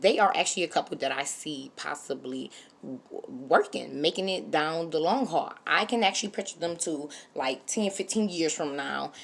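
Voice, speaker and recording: Low-voiced opinionated woman vlogger. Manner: opinionated, animated, speaks straight to viewers. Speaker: reality TV reviewer. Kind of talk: casual opinion commentary.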